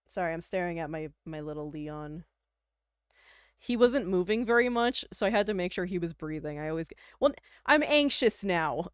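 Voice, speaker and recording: Young canadian woman streaming, rambly and giggly, smooth clear voice, dead dry close mic. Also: on the low side, animated, normal speed, no echo. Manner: rambling, chatty, filler-heavy, giggly. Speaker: livestreamer. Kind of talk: casual chat.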